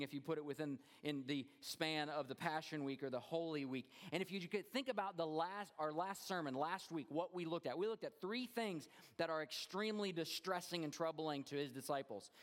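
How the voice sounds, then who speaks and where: A man delivers a sermon in a fairly high voice, and his words ring out in a long church reverb. He is expressive, often sinking low and quiet to stress a point. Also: a little fast, few pauses. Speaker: pastor.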